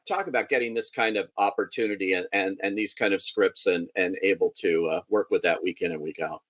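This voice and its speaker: A man's voice: sits low, brisk, a bit bright, muffled recording. A man hosting a video-call panel interview, asking long, rambling questions. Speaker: interviewer host.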